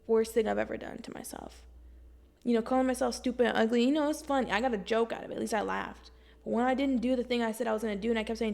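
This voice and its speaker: This young vlogger talks fast, addressing the camera from home with self-help tips delivered in blunt slang and plenty of swearing. A little high and heavy with gravelly fry, her voice comes across lively and casual, as if she's chatting with a friend.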